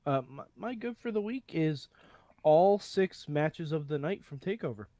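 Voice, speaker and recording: A man co-hosting a wrestling talk show by remote line, laid-back and joking, with halting pauses. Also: a little high, animated, dark tone, no echo. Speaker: co-host. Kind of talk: casual chat. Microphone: remote call mic.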